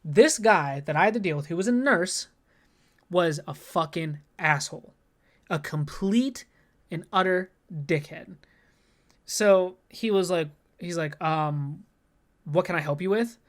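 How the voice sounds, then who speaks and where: A man's voice: fairly high pitch, slow pace. A man co-hosting a podcast, telling an anxious story in a rambling, profane way and saying "like" constantly. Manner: rambling, profane, heavy use of "like"; anxious, worked-up retelling. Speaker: podcast co-host. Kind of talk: casual storytelling.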